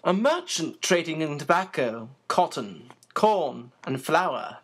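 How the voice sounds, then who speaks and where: A reader voicing an old male shopkeeper and magician who speaks softly but with authority, in slow, measured, formal sentences. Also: medium pitch, very animated, husky, exaggerated voice. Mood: calm, commanding.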